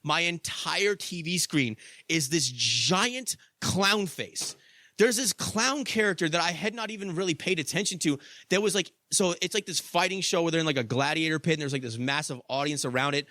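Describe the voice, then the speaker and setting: A man's voice: a little high, expressive, moderate pace, sharp tone, no room sound, clean studio sound. A young adult man hosting a podcast, telling a story in a casual monologue, swearing freely and padding with "like" and "you know.". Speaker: podcast host.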